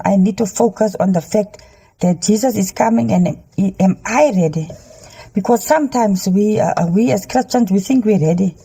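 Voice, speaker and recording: Middle-aged woman, phone selfie in a car, earnest halting testimony, dark husky tone. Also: medium pitch. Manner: halting, many ums, preachy urging. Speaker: Christian dream sharer. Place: inside a car. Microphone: handheld phone.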